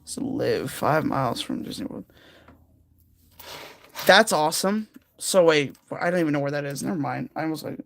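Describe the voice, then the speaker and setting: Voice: medium pitch, lively intonation, moderate pace, creaky, a bit bright, no echo. A livestream host chatting casually with viewers while doing a jigsaw puzzle, rambling and giggling.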